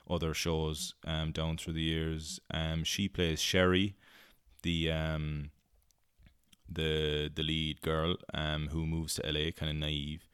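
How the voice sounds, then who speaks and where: Irish man, low and smooth, loose chatty film reviewer, close dry mic. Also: no echo. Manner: rambling and chatty, with many fillers and casual swearing. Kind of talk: casual solo review chat.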